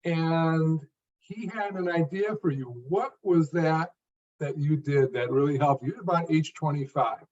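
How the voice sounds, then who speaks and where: Higher-voiced male host, lo-fi sound. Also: measured pace, darkish tone. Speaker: interview host. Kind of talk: interview conversation. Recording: dull lo-fi sound.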